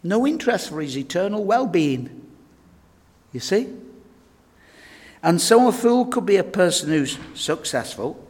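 Preacher in a reverberant hall. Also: male voice, high voice, sing-song, measured pace, pauses often, darkish tone. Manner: earnest, humorous anecdotes, addresses folks directly. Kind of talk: sermon with storytelling. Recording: long reverb of a church hall.

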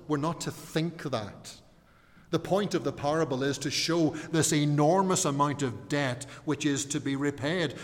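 A man preaching a sermon, explaining a passage earnestly and putting questions to his listeners. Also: medium pitch. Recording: reverberant hall.

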